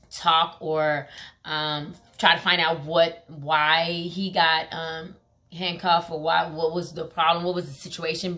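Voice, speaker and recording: A woman's voice: fairly low pitch, a bit bright. A young woman telling a personal story in a casual vlog, talking with lots of "like" and filler words. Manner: emphatic, heavy use of "like" and fillers; acts out quoted pleas in a raised voice.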